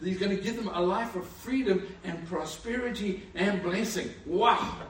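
A man preaching a sermon with animated storytelling, who lives in Africa. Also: high-pitched, normal speed. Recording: echoey room, far from mic.

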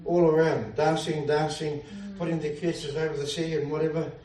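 A man's voice: a little high, steady tone, normal speed, mellow, far from the mic, slight background noise. A man preaching a fervent sermon, often exclaiming hallelujah and laughing at his own jokes. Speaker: pastor. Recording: echoey room, speaker away from mic.

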